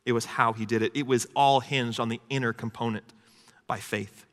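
A man's voice: medium pitch, fairly even intonation, normal speed, fairly bright tone. A man preaching a sermon in a conversational manner, with asides to his congregation. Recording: long hall reverb.

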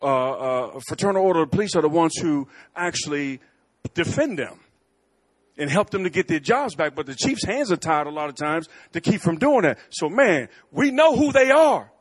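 A middle-aged man preaching a sermon in church, telling stories with lively swings between bold, loud lines and quiet asides. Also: on the high side, normal speed. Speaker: guest preacher. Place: church sanctuary.

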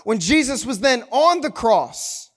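A man with a strikingly high voice preaches a sermon with fervor. He drops to near-hushed tones, then climbs into loud, emphatic lines, and keeps pressing the congregation with questions. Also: sing-song, measured pace. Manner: impassioned preaching, swings between hushed and loud. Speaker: pastor.

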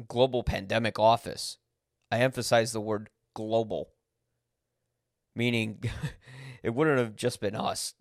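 Blunt, gravelly-voiced man ranting. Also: lowish voice, dry recording, clean studio sound. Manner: blunt, swears when angry, corrects himself. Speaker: podcast host. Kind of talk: unscripted personal monologue.

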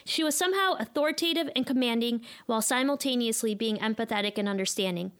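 A woman's voice: a little high, quick pace, a bit bright. A woman in her thirties with a Chicago accent, telling a personal story live in a candid, self-deprecating, wry way. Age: 30s.

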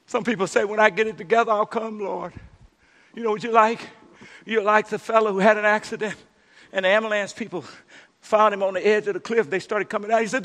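A male pastor preaching a sermon, calling out to the congregation and swinging from shouted lines to hushed near-whispers. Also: high-pitched. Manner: calls out to the congregation.

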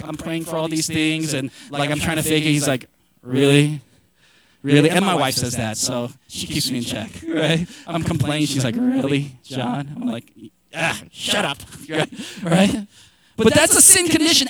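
A middle-aged male pastor giving a sermon, chatty and joking, then rising to shouted emphasis. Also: high-pitched, no room sound.

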